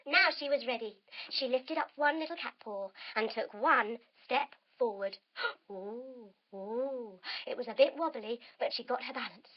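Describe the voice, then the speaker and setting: A woman narrating a children's yoga story, playful and animated, with sound effects. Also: fairly high pitch, normal speed, hardly any pauses. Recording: dull lo-fi recording.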